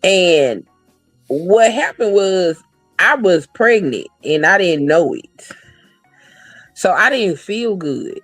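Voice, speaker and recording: A woman's voice: deep voice, no room sound. Blunt, profane woman telling stories. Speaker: podcast co-host. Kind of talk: casual chat.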